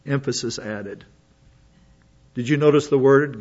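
A man's voice: medium pitch, fairly even intonation, normal speed. A man reading news articles aloud and adding his own comments and asides. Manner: reads aloud with asides and restarts. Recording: dull lo-fi audio.

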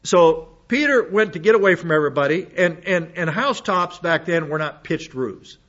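A man's voice: a little high, expressive, moderate pace, a bit bright, dull audio. A man preaching a Bible lesson, reading passages and breaking off into conversational asides to his listeners. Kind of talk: Bible teaching sermon.

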